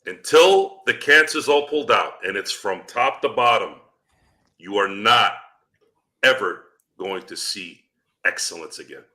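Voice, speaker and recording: A man's voice: fairly low pitch, lively intonation, a little slow, bright, forceful tone. A man hosting a sports fan show, delivering a profane postgame rant full of rhetorical questions. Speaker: podcast host.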